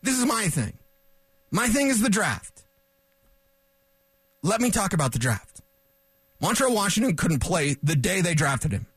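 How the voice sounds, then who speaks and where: Sports radio host, male, opinionated rant, high pitch, dry close studio sound. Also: unhurried, pauses often, slightly rough, dry recording. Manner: animated, opinionated ranting. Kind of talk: sports talk radio monologue.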